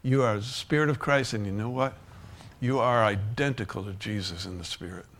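A man's voice: fairly low pitch, a little fast, a bit bright. A male pastor preaching a sermon in a conversational way, often restarting sentences and chuckling.

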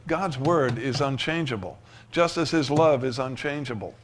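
A man preaching a sermon as pastor, emphatic, swinging from loud rises to soft asides. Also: medium pitch, normal speed, slight background noise.

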